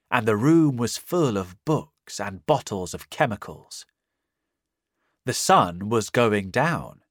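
Male narrator, storybook, slow careful reading, animated pitch, dry close sound. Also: no echo. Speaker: audiobook narrator. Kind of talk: scripted narration of a simplified reader.

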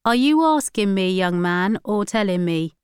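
A woman's voice: medium pitch, expressive, unhurried, a little mellow, smooth, no room sound, studio quality, lightly acted. A woman reading the part of a sarcastic, condescending male ticket seller. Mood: sneering.

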